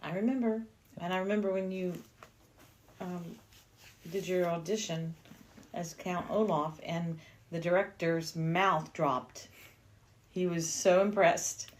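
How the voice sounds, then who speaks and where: A woman's voice: on the low side, fairly even intonation, slow pace, pauses often, slight background noise. A woman co-hosting a casual movie podcast, chatty and reminiscing. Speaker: podcast co-host.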